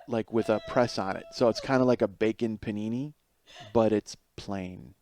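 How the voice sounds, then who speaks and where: A man's voice: fairly low pitch, moderate pace, a little hiss or hum. A man hosting a podcast, telling a comic story about his home life, swearing often and acting out what was said. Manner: animated, exasperated, swearing, acts out quotes. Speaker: podcast host.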